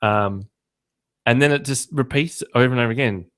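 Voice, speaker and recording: Male podcast host, casual and jokey, mid-pitched voice, rambling anecdotes. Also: moderate pace, a bit bright.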